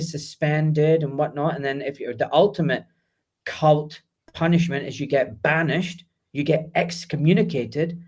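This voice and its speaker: A middle-aged man talking as a guest doctor in a casual interview, animated and emphatic, swearing freely. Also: fairly high pitch.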